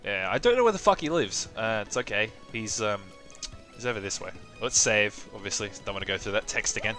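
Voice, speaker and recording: A man's voice: fairly low pitch, expressive, a little fast, bright, forceful tone. A man from Australia streaming a video game, talking in an offhand, self-mocking way with casual swearing, over faint game music. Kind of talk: casual live-stream commentary.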